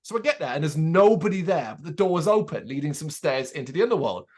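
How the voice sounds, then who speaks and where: A man co-hosting a casual chat show, telling an animated anecdote and acting out the people in it, swearing freely. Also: fairly high pitch, fast talker. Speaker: podcast co-host.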